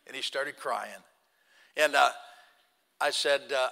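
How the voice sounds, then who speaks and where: A male pastor preaching a sermon, telling a story and acting out the voices in it, swinging between loud and hushed. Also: mid-range voice, normal speed, gravelly, pauses often. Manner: acts out quoted dialogue, swings from loud to hushed. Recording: long hall reverb.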